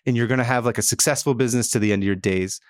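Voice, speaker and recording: A man doing a smooth-talking salesman. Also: mid-range voice, very fast, no room sound, studio quality, close to an everyday voice. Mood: persuasive. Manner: folksy persuasive sales patter. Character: smooth-talking male salesman pitching insurance.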